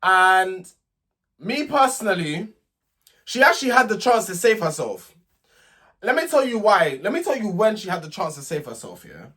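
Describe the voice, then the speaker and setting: A young man with a high, light voice rants through a casual reality TV recap. He is sassy and indignant, often stumbling over and repeating his words as he goes. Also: sing-song, normal speed, pushed and bright, slightly rough. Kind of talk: casual vlog commentary.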